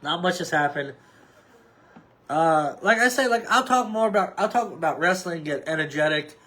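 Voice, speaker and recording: High-voiced rambling man in his thirties. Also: expressive, normal speed, pushed and bright. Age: 30s. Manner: rambling, offhand, with frequent fillers and restarts. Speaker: podcast host. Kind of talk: casual solo sports chat.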